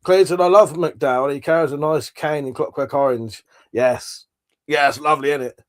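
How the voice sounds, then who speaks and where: On his livestream, a man reads comments aloud and rambles in a casual chat, now and then letting a swear word slip. His pitch is fairly high and his pace moderate.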